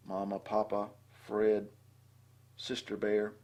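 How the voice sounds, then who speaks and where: An older man with a husky voice reading a children's storybook aloud and adding chatty asides between the lines. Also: medium pitch, lively intonation, moderate pace, darkish tone. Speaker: storybook reader.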